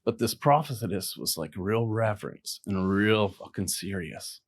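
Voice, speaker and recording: Guesting on a podcast, a middle-aged man tells a personal story in a casual, animated way, acting out the voices of people he quotes and swearing now and then. His voice is on the low side at a measured pace, and the recording is dry.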